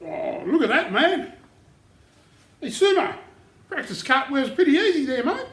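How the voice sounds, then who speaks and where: A cocky, slangy man jokes his way through woodworking, his pitch jumping around. He sounds boomy in a roomy, echoing shed. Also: big pitch swings, unhurried, fairly bright tone. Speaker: novice woodworker apprentice. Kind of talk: comic workshop banter. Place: workshop shed. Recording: roomy echo.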